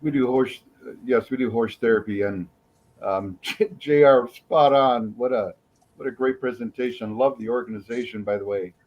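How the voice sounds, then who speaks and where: A man's voice: mid-range voice, normal speed. Man, guest, appreciative, conversational, dull lo-fi audio. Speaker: guest running horse therapy. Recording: dull lo-fi sound.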